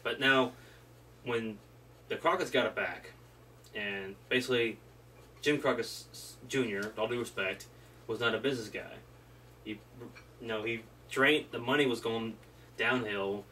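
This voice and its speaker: A man's voice: medium pitch, moderate pace, long pauses, bright, forceful tone. Rambling man, distant and noisy. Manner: loose, rambling, swears casually. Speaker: podcast co-host. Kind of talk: casual wrestling history chat. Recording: distant mic with faint room noise.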